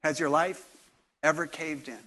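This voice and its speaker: A man preaching a sermon in a conversational storytelling way, sometimes dropping to soft, intimate tones. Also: fairly high pitch, steady tone, normal speed. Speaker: pastor.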